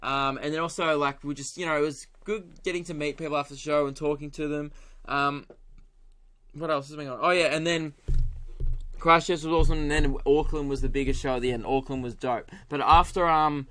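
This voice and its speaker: A young man tells a comic rant on his solo podcast. His voice sits a little higher than most men's. He swears freely, laughs often and keeps the delivery animated. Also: fairly quick, clear, resonant tone. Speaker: comedian podcast host.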